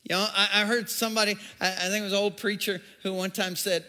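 A man's voice: sits high, level tone, fast, bright, forceful tone, in a large hall. A man preaching a sermon, stammering on restarts and acting out groggy complaints and fervent prayers. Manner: stammering restarts, acts out groaning and praying voices. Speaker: pastor.

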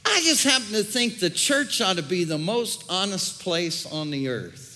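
A man's voice: high-pitched, sing-song, normal speed, pushed and bright. A man preaching a sermon as pastor, conversational, with jokes and asides. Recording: long hall reverb.

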